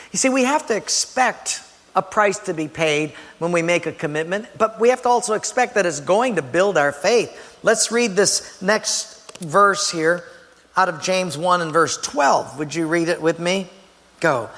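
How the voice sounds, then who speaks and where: A man preaching a sermon as pastor, lively and playful, acting out little voices and exclamations. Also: high voice, moderate pace, vocal fry, in a large hall. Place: church sanctuary.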